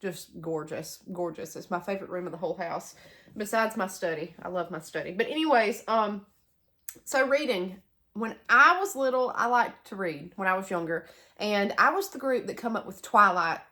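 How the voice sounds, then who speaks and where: A young homestead vlogger with a Southern US accent chats casually to camera from a sunroom bedroom in a house, rambling with asides. Her voice is mid-range with a sharp tone at a normal speed.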